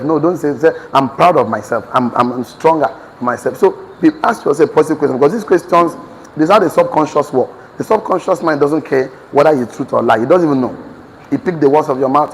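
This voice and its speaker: A man giving an emphatic motivational speech to a live audience, repeating key phrases and calling for responses. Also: mid-range voice. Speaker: motivational business coach. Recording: reverberant hall with faint noise.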